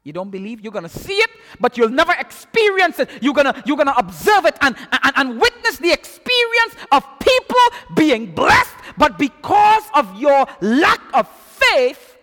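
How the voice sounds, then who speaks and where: A preacher voicing a calm, stern prophet. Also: male voice, extremely high pitch, normal speed, hardly any pauses, big-room sound, heavily acted. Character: calm male prophet rebuking a doubter.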